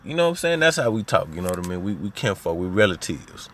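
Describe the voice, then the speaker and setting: With a faint hiss or hum in the recording, a low-pitched man talks fast with big pitch swings. He's a Little Rock, Arkansas podcast host with a Southern accent, telling personal stories in casual slang peppered with "you know what I mean."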